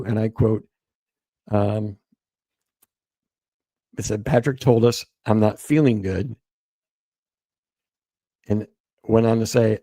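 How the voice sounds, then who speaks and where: A man recounting events as a guest, halting and repeating words as he quotes what others told him. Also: on the low side, mellow, no room sound. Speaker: guest author. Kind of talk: storytelling interview.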